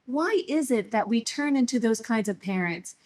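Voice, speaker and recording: A woman's voice: a little high, lively intonation, normal speed, a little mellow. A woman co-hosting a conversation, curious and asking probing questions. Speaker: podcast co-host. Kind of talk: casual conversation.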